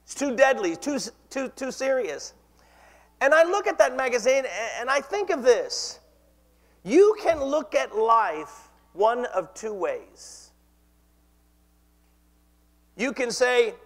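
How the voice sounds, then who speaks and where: A man's voice: very high voice, big pitch swings, slow pace, pauses often, long reverb tail. A man preaching a sermon as pastor, impassioned and leading the congregation in call-and-response.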